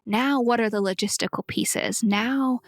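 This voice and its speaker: A woman sharing a personal faith story in a casual discussion. She speaks earnestly, acts out the quotes she tells, and sometimes drops to a soft whisper. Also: fairly high pitch, a little slow, no echo, clean studio sound. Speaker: podcast guest.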